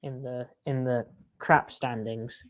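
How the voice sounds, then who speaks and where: A man's voice: medium pitch, fairly even intonation, slow, fairly bright tone. A man co-hosting a livestream sports podcast, chatting in a wry, sarcastic way. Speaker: podcast co-host. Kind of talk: casual livestream sports chat.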